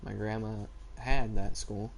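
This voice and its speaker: A man's voice: lowish voice, fairly even intonation, unhurried, creaky, a little hiss or hum. A teenage boy chatting casually and rambling as he tells stories in a vlog. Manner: rambling, laid-back storytelling. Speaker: vlogger. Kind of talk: casual chat.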